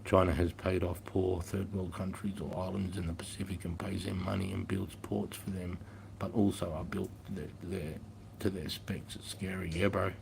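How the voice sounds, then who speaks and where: A man's voice: sits low, level tone, moderate pace, vocal fry, background noise. A man, chatting casually to viewers in a blunt, profane storytelling manner. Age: 50s. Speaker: livestreamer and former army instructor.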